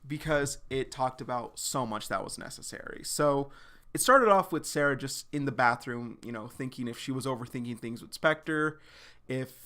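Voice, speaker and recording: A man's voice: mid-range voice, moderate pace, sharp tone. A young man streaming a live reaction, recapping a comic chapter in a loose, slangy way full of "like" and the odd swear word.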